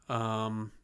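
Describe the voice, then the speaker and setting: Animated, swearing man telling stories. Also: on the low side, clear, resonant tone, dry recording. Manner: animated storyteller, laughs and swears often. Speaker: podcast co-host. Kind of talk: casual storytelling chat. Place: podcast studio.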